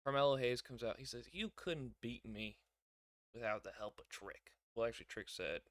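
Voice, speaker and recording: A young man talks through a show in a relaxed, chatty way, laughing often and acting out what people said. His voice is bright and crisp. The sound is dry and close. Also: mid-range voice, moderate pace, dry recording. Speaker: wrestling reviewer. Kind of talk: casual show review.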